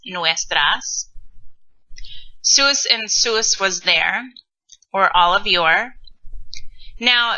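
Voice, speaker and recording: A woman teacher giving a recorded grammar lesson, explaining slowly and patiently with casual asides. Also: mid-range voice, bright, forceful tone. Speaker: Spanish teacher. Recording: dull lo-fi recording.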